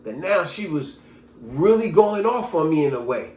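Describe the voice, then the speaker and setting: Casting: male vlogger, lively storyteller with a bouncy, expressive pitch, recorded in a roomy space. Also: moderate pace. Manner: animated storyteller, lively delivery. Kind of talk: casual storytelling monologue. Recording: echoey room.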